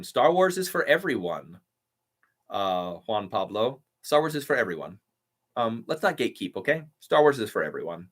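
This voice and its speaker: A man's voice: on the low side, very animated, moderate pace. A man hosting a casual live stream, eagerly answering viewer comments and sprinkling his talk with "like" and "um". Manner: eager and upbeat, with frequent "like" and "um".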